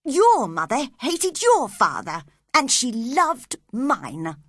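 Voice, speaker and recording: A frail teenage boy, peevish and self-pitying, whines in a high, thin voice that rises and falls a lot. A woman reads him aloud in a storybook reading. The sound is close and dry, with no room around it. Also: wildly swooping pitch, slow, a bit bright, no room sound, exaggerated voice. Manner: whining, complaining.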